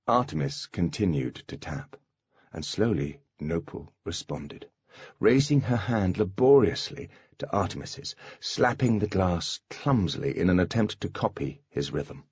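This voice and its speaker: A man reading an audiobook in an expressive storytelling manner. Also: sits low, a little slow, slightly rough, no room sound. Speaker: audiobook narrator. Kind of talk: scripted audiobook narration. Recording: dull, dry lo-fi recording.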